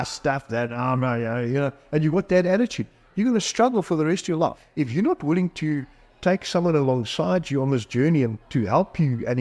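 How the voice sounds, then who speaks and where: Speaking in a fairly high, slightly mellow voice, this middle-aged psychologist and author gives a frank podcast interview. He tells stories about himself with self-deprecating humor, acting out the voices of the people in them.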